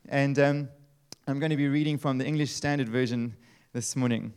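A man in his thirties preaches a sermon. He talks in a lively, chatty way, full of asides and rhetorical questions. His voice sits a bit high for a man. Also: fairly quick, smooth. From South Africa. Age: 30s. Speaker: pastor.

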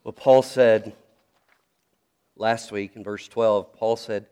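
A man's voice: fairly low pitch, fairly even intonation, slow, dark tone, clean tone. A middle-aged man from North Carolina, a pastor preaching a sermon with storytelling and earnest questions.

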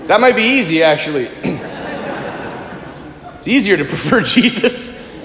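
High-voiced priest preaching in an echoing church. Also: male voice, big pitch swings, a little slow, pauses often, fairly bright tone. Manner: earnest and emphatic, often clears his throat. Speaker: Catholic priest. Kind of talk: sermon. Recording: echoey church with long reverb.

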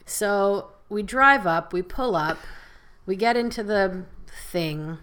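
A woman from Canada, a podcast guest telling stories in an animated, casual way. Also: mid-range voice, slow, smooth. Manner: animated storyteller. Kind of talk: casual chat.

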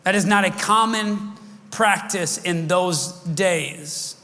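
A middle-aged pastor with a high-pitched, pushed, bright voice preaches slowly. He speaks conversationally but wanders off track and restarts his sentences, and a large hall's long reverb surrounds him.

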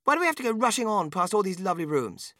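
A man's voice: high voice, very animated, very fast, pushed and bright, no room sound, studio quality, voice pushed up, full character voice. A man voicing a spoiled, impatient little girl with a whiny, demanding tone.

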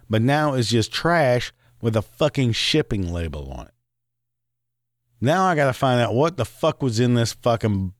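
Male podcast host, angry profane rant, mid pitch, dead-dry close mic. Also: no echo. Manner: angry, swearing, rambling with laughs.

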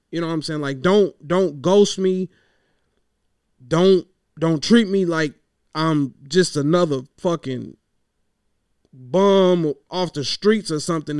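A man's voice: on the high side, a little mellow, smooth, no room sound, studio quality. A man who hosts a podcast, venting in a casual, rambling monologue and swearing freely as he talks through his frustration.

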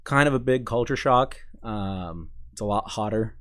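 A young man from Chicago who grew up in Maine, chatting casually as an interview guest, full of fillers and restarts and quick to laugh. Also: fairly low pitch, fairly bright tone. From Chicago, raised in Maine. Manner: halting, many fillers and restarts, laughs easily. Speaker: sports information staff, podcast guest.

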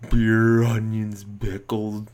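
A man co-hosting a casual podcast chat, theatrical, his voice shooting up high when he gets excited. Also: slow. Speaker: podcast co-host.

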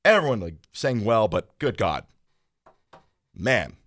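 A man hosting a podcast, chatting casually in a crude, animated way, laughing often and shouting out quoted lines. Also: on the low side, slow pace, no room sound. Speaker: podcast host. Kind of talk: casual chat.

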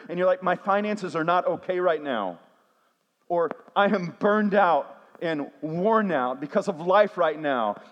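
A man, a pastor preaching a sermon with call-and-response refrains. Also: sits high. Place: church sanctuary. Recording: long hall reverb.

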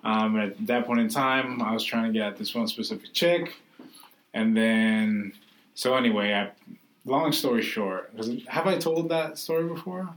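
A man's voice: medium pitch, normal speed, a bit bright, slight background noise, rough recording. A young man casually telling a rambling, self-deprecating story to friends, swearing freely.

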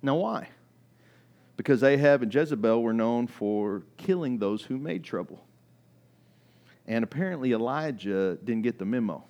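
A male pastor giving a sermon in a conversational way, often dropping his voice low for emphasis. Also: animated, moderate pace, pauses often, darkish tone. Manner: conversational preaching with sudden drops in volume; acts out quoted voices in reading.

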